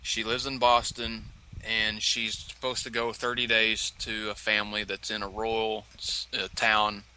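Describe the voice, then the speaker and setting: A man's voice: on the low side, level tone, unhurried, pushed and bright, clear, resonant tone, low-quality recording. A man co-hosting a casual chat show, telling a rambling story with lots of filler words. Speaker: podcast co-host.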